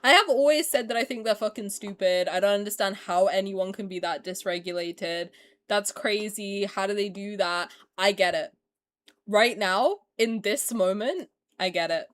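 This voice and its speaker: A young woman streamer in casual reaction chat, profane, excitable and dramatic. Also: mid-range voice, moderate pace. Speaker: streamer reacting to game trailer.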